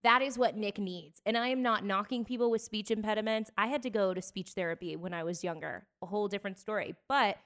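A chatty woman co-hosting a casual podcast. She tells stories with an easy laugh in a middle-pitched voice. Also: fast, hardly any pauses, a bit bright. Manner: chatty storyteller, laughs easily. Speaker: podcast co-host. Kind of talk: casual chat.

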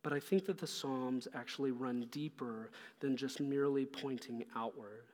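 A man's voice: medium pitch, moderate pace, darkish tone. A man preaching a sermon as pastor, earnest and pressing his listeners with repeated questions. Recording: long hall reverb.

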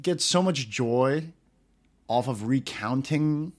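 A young man co-hosting a casual podcast chat, animated and jokey, with a morning voice. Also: medium pitch, slow. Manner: animated, jokey, trails off and restarts. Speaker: podcast co-host.

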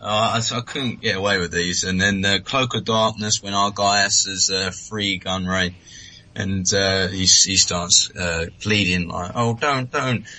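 A man's voice: low voice, fairly even intonation, a little slow, sharp tone, a little hiss or hum, poor audio. A British man co-hosting a podcast, chatting enthusiastically and laughing easily. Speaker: podcast co-host. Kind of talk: casual podcast chat.

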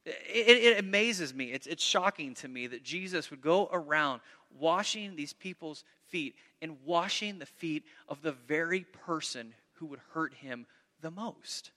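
A man preaching a sermon, with a bright, fairly high voice that rings through a large hall with a long reverb. He talks in an animated way, acts out the voices of the people in his story and often repeats his words. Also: unhurried. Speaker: pastor.

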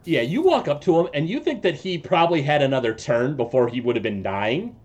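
A man's voice: a little high, lively intonation, a little mellow. A man running a tabletop game as game master, narrating the action with frequent fillers and restarts. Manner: halting, many fillers and restarts.

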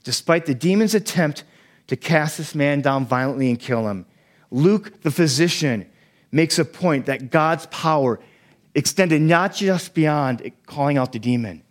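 A man's voice: medium pitch, expressive, a little slow. A man who is a parent, preaching a sermon as pastor and explaining a Bible passage, now and then acting out the quoted lines. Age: young adult to middle-aged, a parent.

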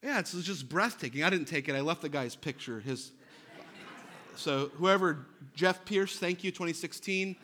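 A man in his thirties, a pastor, preaching with a lively personal story and self-deprecating humor. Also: on the high side, moderate pace.

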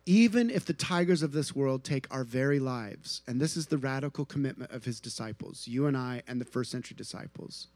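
A man preaching a sermon at an outdoor tent gathering, earnest, moving between soft hushed passages and rising emphatic ones. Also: medium pitch, a little fast, few pauses, no echo. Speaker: pastor.

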